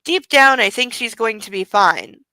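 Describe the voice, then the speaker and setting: A cold, curt, possessive young husband , read out by a woman in her own voice. The tone stays bright and fairly high, with a close, dry sound. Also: expressive, a little slow, dry recording, heavily acted, poor audio.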